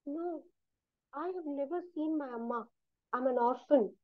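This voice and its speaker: A woman voicing a timid orphan servant girl of about thirteen who speaks very softly, heard over a tinny online call. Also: high-pitched, a little slow, pitched above the performer's own voice. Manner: very soft and timid.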